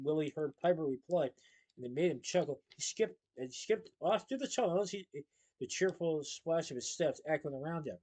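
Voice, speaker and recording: A man with a somewhat high voice reads a children's novel aloud. He keeps a steady, lively storytelling pace. His delivery sounds like a bedtime chapter reading. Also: normal speed, low-quality recording.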